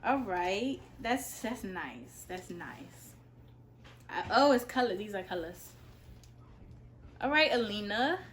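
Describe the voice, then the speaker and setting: A teenage girl opening gifts in a casual home vlog, breaking into loud, repeated excited exclamations. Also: medium pitch, slow, slight background noise, low-quality recording. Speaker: vlogger.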